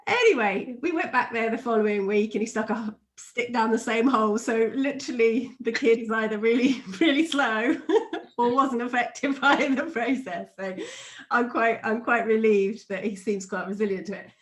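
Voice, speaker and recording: A middle-aged woman, an NLP trainer, explaining a method and telling a personal story in a chatty, animated way, laughing often. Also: on the high side, moderate pace. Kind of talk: teaching explanation with personal anecdote.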